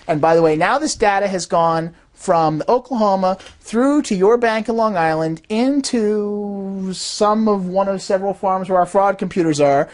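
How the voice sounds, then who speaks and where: An animated woman giving an explanatory talk. Her pitch swings widely, rising and dropping as she acts out little quoted voices. She sits in the middle of the usual range for a woman. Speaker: fraud detection systems designer.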